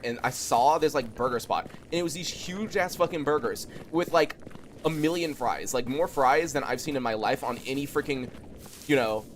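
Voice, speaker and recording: A young man streaming a game, chatting loosely with viewers and swearing a lot. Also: slight background noise. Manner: yells in high-pitched disbelief when killed in game. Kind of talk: casual gaming stream chat.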